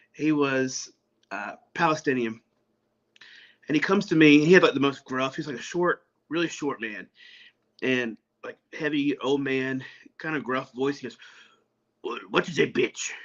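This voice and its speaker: A man's voice: mid-range voice, normal speed, long pauses, fairly bright tone. Man, casual interview guest, rambling, restarts, dull lo-fi sound. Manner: rambling with many fillers and restarts. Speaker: guest, pastor and umpire.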